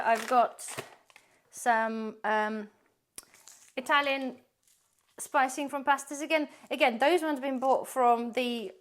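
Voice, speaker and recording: Chatty higher-voiced woman vlogger. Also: fairly bright tone, a little hiss or hum. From UK-based. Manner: chatty, rambling, laughs often. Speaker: prepping vlogger. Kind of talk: casual pantry tour.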